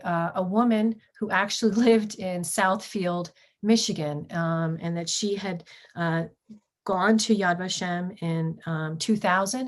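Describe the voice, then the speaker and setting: A middle-aged woman, a history professor, giving a lecture with slides, pausing often on ums and restarting her sentences. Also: lowish voice. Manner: halting, frequent ums and restarts.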